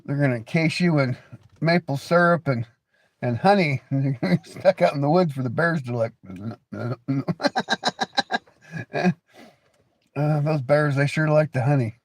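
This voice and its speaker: A man's voice: a little high, lively intonation, measured pace, long pauses, no room sound. A man hosting a casual livestream, rambling, joking, laughing often and teasing viewers with crude banter. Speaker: livestream host.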